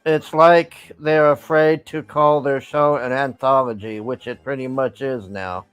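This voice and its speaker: A man's voice: medium pitch, steady tone, measured pace, clear, resonant tone, no echo, soft background music. A man chatting casually as host, laid-back and often stammering and restarting. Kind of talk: casual chat.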